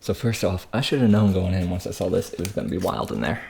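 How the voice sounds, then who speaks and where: A man's voice: deep voice, sing-song, fast, gravelly, darkish tone, slight background noise. A man casually telling a story in slang between bites of food, as a food vlogger. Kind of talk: casual mukbang chat.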